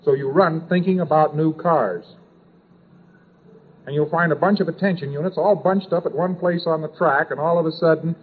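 A man's voice: on the high side, moderate pace, breathy edge. A man giving an informal lecture, rambling and repetitive, dropping in sound effects and asides. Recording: tinny old lecture tape.

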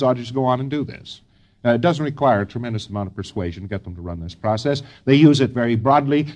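A man with a mid-range voice gives trainees an informal lecture, rambling in a folksy way and often pausing on fillers.

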